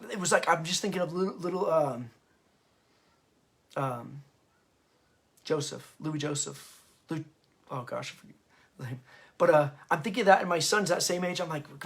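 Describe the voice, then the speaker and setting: A man's voice: on the high side, fairly bright tone. A man hosting an unscripted history talk, impassioned and stirred up, often stopping and restarting mid-sentence. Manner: halting, often stops and restarts. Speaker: host and parenting author.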